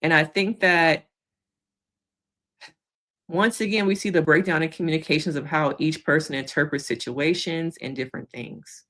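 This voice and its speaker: A woman therapist giving a casual, animated recap of a reality show episode, acting out quotes and laughing along the way. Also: low voice, normal speed.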